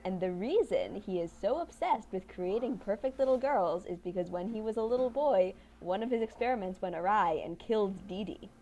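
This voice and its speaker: Animated rambling woman in her twenties. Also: medium pitch, fairly quick, hardly any pauses, lo-fi sound, a little hiss or hum. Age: 20s. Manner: animated, rambling, many restarts and laughs. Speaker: podcast co-host. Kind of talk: casual chat.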